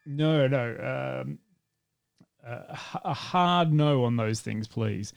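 A man's voice: fairly high pitch, very animated, unhurried, vocal fry, fairly bright tone, faint music behind. A man hosting a casual film review podcast, joking around and laughing often between rambling asides. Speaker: podcast host.

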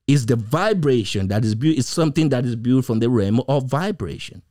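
Preaching with an animated, mellow, medium-pitched voice at normal speed, this man draws out key words. He emphatically repeats rhetorical questions, with occasional laughter.

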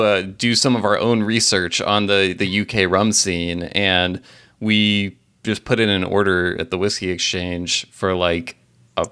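A man with a very deep voice co-hosts a relaxed podcast. He asks questions haltingly and restarts his sentences often. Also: smooth. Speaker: podcast co-host. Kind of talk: casual podcast chat.

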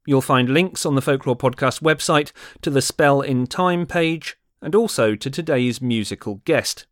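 A man closes out a podcast with a brisk, plain read in a mid-range voice. The sound is dry and close, with no room around it. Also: mid-range voice, no room sound. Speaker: podcast host. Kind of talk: scripted podcast outro.

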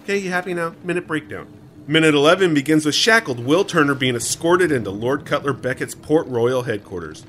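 A man's voice: fairly high pitch, animated, a little fast, a bit bright, slight background noise. An American man co-hosting a podcast in a jokey, playful, theatrical chat. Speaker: podcast co-host.

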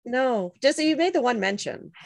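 A woman's voice: fairly high pitch, lively intonation, creaky. A woman co-hosting a podcast, reacting with short casual remarks and questions. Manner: quick reactive listener with short affirmations. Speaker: podcast co-host. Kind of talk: casual chat.

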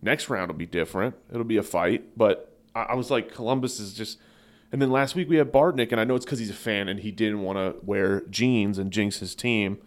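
A man co-hosting a comedy sports podcast in a low-pitched voice. He talks casually and tells animated, rambling stories. He often breaks into laughter as he goes. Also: fairly quick. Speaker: podcast co-host.

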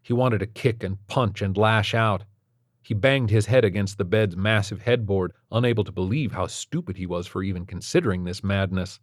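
A man narrating a story in a steady, measured way. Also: lowish voice, no echo, clean studio sound. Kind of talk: scripted narration.

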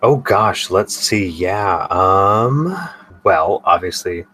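A young man co-hosting a podcast in casual chat, upbeat and quick to laugh. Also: sits low, bright, forceful tone, slightly rough, distant mic. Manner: upbeat, laughs often, chatty. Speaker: podcast co-host.

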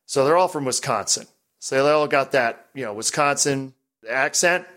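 A man hosting a casual pinball podcast, chatty and rambling, animated as he talks. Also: medium pitch, normal speed. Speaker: podcast host.

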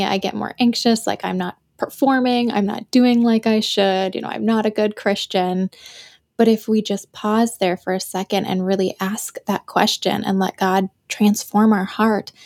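A woman's voice: medium pitch, darkish tone. A woman hosting a podcast, reflecting in a heartfelt way and moved close to tears. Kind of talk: casual podcast chat.

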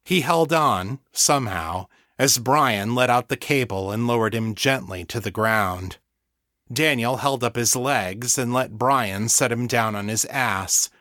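A man reading his own fantasy novel as an audiobook, in a steady, measured storytelling voice. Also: mid-range voice, dry recording, studio quality. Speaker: author and audiobook narrator. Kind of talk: scripted audiobook narration.

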